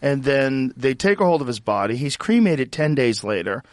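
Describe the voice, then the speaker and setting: A man's voice: mid-range voice, very animated, normal speed, slight background noise. A man hosting a casual conversation, emphatic and piling up points. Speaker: host.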